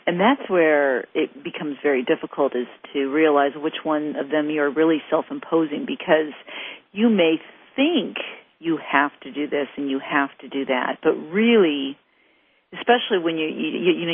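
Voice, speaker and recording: Chatty woman host, husky voice. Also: sits low, normal speed. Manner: chatty, personal, repeats words. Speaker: show host. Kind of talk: casual interview chat. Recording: tinny phone line.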